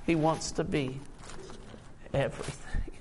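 A man's voice: fairly high pitch, lively intonation, takes it slowly, background noise. An older man preaching a sermon, emotional and tired, reading scripture aloud with rising emphasis. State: tired from little sleep.

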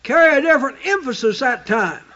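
A man preaching a sermon, quoting scripture with emphatic, drawn-out stress on single words. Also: extremely high pitch, expressive, sharp tone. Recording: dull lo-fi recording.

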